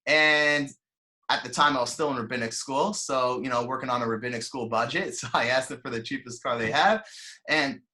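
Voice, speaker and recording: A young man giving a storytelling sermon as a rabbi, animated and chatty, acting out voices and using lots of fillers. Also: medium pitch, fairly quick. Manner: animated, acts out quoted voices, frequent fillers. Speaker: rabbi giving a weekly Torah talk.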